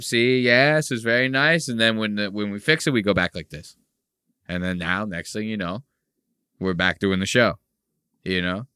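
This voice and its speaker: Bright, crisp male host, dry close sound, crude jokey banter. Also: medium pitch, no room sound. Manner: profane, joking, animated. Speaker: podcast host. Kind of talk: casual podcast banter.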